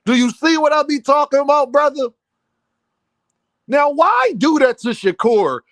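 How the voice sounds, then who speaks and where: A man hosting a casual boxing commentary stream, heated and animated, often repeating himself and breaking into near-shouts. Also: very high voice, a little slow, no echo. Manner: many restarts and repeated fillers.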